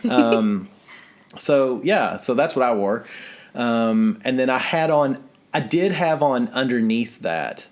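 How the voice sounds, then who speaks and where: A man's voice: medium pitch, lively intonation, takes it slowly. Guy cohosting a podcast from his living room, chatty, pokes fun at himself, laughs a lot. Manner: chatty, self-deprecating, laughs often. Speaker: podcast co-host. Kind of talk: casual podcast chat.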